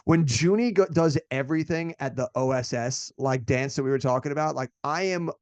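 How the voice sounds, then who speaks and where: A young man hosting a casual movie podcast, excitable and profane, calling everyone "dude.". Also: medium pitch, fairly quick, no echo. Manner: excitable, swears a lot, says "dude" often. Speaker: podcast host.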